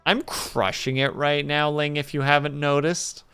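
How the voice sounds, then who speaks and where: A man's voice: fairly high pitch, level tone, measured pace, sharp tone, faint music behind. A man streaming a game, chatting casually and joking with his chat. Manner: joking, playful asides to chat.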